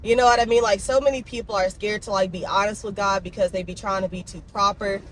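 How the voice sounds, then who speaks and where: Young woman vlogger, chatty and heartfelt, mid pitch, faint background noise. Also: brisk, few pauses. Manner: chatty, emotional, talks to her dogs in baby talk. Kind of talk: casual vlog chat.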